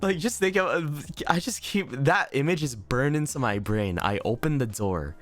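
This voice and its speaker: A young man telling a story in a casual vlog, laughing often, swearing freely and talking with animated energy. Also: mid-range voice, moderate pace. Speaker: vlogger. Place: inn room indoors.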